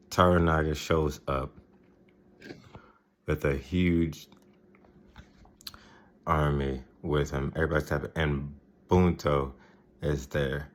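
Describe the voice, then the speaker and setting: A man's voice: a bass voice, steady tone, normal speed, gravelly. A man casually recapping a TV episode, rambling, laughing often and mimicking the characters. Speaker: video host recapping a TV episode.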